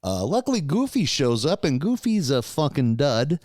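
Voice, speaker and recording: A man's voice: fairly high pitch, big pitch swings, normal speed, a little mellow, dry recording. A man co-hosting a podcast, casually recapping episodes in a laid-back way, with lots of swearing. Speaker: podcast co-host.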